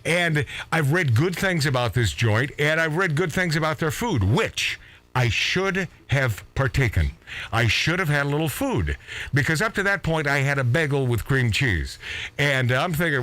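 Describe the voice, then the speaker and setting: A man's voice: on the high side, lively intonation, a little slow, sharp tone. A middle-aged man, a radio show host, telling a rambling story in casual chat with lots of restarts.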